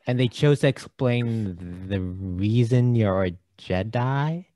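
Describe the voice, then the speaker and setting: A man's voice: on the low side, takes it slowly, mellow, dry recording. A man co-hosting a film podcast in a casual chat. He is jokey and stumbles over his words. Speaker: podcast co-host. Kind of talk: casual movie discussion.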